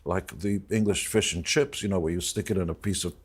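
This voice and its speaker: Deep husky man telling a personal story. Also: steady tone. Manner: reflective, halting, full of restarts. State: emotional. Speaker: interview guest.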